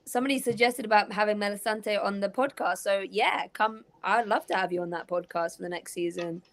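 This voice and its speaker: A woman's voice: medium pitch, steady tone, brisk. A female voice actor chatting eagerly on a livestream over a video call. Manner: enthusiastic, chatty. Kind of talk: livestream chat.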